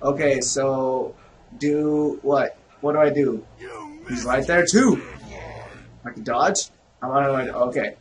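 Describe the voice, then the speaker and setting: A young man giving casual, excitable, profane let's-play commentary, shouting reactions at a game. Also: medium pitch, slow pace, pauses often, a little hiss or hum, rough recording. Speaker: gaming video host.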